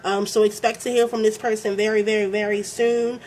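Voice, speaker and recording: A woman's voice: mid-range voice, flat delivery, fairly quick, a little mellow, slight background noise. A young adult woman from Baltimore with a Baltimore accent, doing a casual tarot reading. She talks with lots of fillers, keeps checking in with "okay?", and swears freely. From Baltimore, USA. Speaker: tarot reader.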